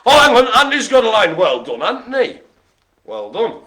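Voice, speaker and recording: A man's voice: high voice, wildly swooping pitch, moderate pace, sharp tone. A man hosting a live bingo stream, teasing and cracking jokes. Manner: jokey, teasing banter. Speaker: bingo host.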